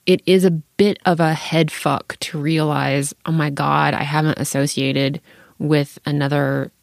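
Parent in their thirties, candid podcast chat, gravelly fry, dry close sound, frank and swearing. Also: mid-range voice, level tone, measured pace, no room sound. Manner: open and frank, swears freely, laughs between thoughts.

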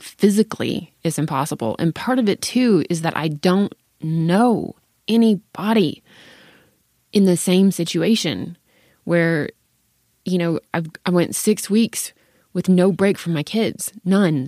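A parent in their thirties talks openly in a casual podcast chat, frank and quick to swear or laugh. The voice has a gravelly fry to it. The sound is dry and close. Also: mid-range voice, a little mellow, no echo. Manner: open and frank, swears freely, laughs between thoughts.

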